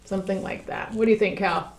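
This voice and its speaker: A woman's voice: medium pitch, steady tone, quick pace. A woman co-hosting an instructional podcast chat as a hypnotist, upbeat and conversational, turning to her partner for input. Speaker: hypnotist co-host. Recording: echoey room.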